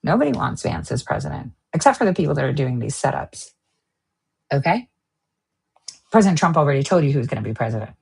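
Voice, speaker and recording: Angry woman host, husky voice, swearing, sarcastic political rant. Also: extremely low pitch, big pitch swings, fast talker, pauses often, a little mellow. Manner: heated, profane, sarcastic.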